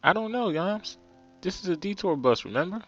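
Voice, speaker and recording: A sassy, protective big sister, put on by a Jersey man in a raised voice, teases and talks back with bouncy, lively pitch. The sound is slightly muffled with soft game music beneath. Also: normal speed. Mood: teasing. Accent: New Jersey. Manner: defiant and teasing.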